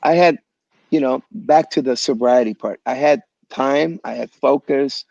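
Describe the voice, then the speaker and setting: A man being interviewed as a guest musician over a video call, telling animated stories in a loose, slangy way and calling people "man" and "bro". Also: mid-range voice, a little slow, creaky, no echo, muffled recording. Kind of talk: casual storytelling interview. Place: home in Los Angeles area.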